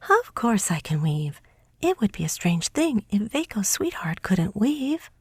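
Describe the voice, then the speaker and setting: A woman's voice: mid-range voice, very animated, unhurried, slightly rough, no echo, voice pushed up, exaggerated voice. A woman reading aloud and voicing a sweet little female mouse princess who talks in an eager, coaxing way.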